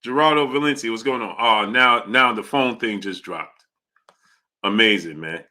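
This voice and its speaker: A man hosting a call-in commentary show, pushing callers with rapid-fire questions, then mocking them and laughing loudly. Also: lowish voice. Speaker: boxing call-in show host.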